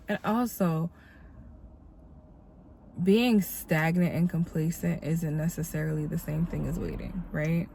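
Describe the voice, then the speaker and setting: Hosting a casual devotional vlog, a woman who dances and vlogs speaks unhurriedly in a low, creaky, darkish voice with fairly even intonation. She sounds tired, congested and a little nasal, reflective and encouraging, using many fillers, over a little hiss or hum.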